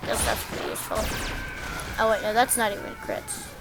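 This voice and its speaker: A woman's voice: a little high, brisk, music in the background, rough recording. A woman giving casual, rambling gameplay commentary as she walks through a game guide, often poking fun at herself. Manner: rambling, self-deprecating, easily excited.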